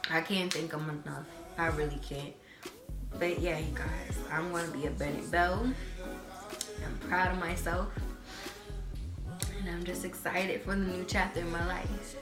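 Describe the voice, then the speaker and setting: A young woman in her late teens, an incoming college freshman, telling stories in a casual vlog with a chatty, animated manner. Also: on the low side, moderate pace. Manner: chatty, animated, lots of fillers. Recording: roomy echo with background music.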